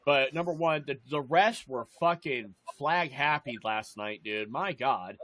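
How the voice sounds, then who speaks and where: A man's voice: mid-range voice, a little slow, crowd noise. A young man telling a rambling, swear-heavy story in casual chat as a podcast co-host.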